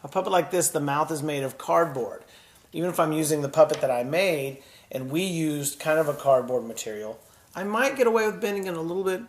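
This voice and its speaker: A man teaching children a puppet drama lesson, gentle and encouraging as he demonstrates. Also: a little high, lively intonation, a little fast.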